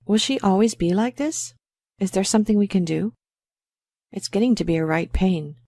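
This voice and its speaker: A woman's voice: medium pitch, moderate pace, dark tone, dry recording, clean studio sound, close to an everyday voice. A woman playing a worried dog owner in a scripted exam listening dialogue, chatty and a little embarrassed. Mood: talkative worried. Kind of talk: scripted exam role-play.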